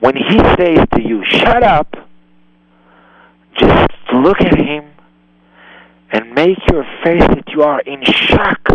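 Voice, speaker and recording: A man's voice: a little high, expressive, slow pace, no room sound, lo-fi sound. A man hosting a radio advice show, giving earnest, emphatic parenting guidance in slightly non-native English. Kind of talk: call-in advice talk.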